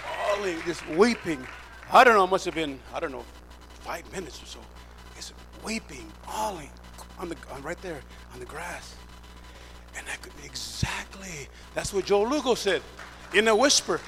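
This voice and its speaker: A man's voice: on the high side, animated, normal speed, sharp tone, some chatter behind. A middle-aged man preaching, telling his testimony as an emphatic storyteller who acts out the dialogue. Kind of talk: sermon testimony. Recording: clear background hum.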